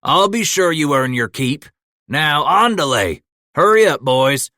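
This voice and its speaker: Man playing gruff old mountain man, folksy drawl, hollering, dry close sound. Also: mid-range voice, lively intonation, a little slow, a bit bright, dry recording. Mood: hearty.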